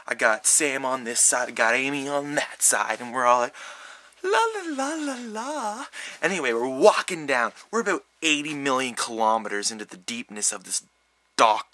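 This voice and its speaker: Bright-voiced young man telling a wild story. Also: medium pitch, normal speed, no echo. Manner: rambling, animated, full of mouth sound effects. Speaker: vlogger. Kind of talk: comic storytelling to camera.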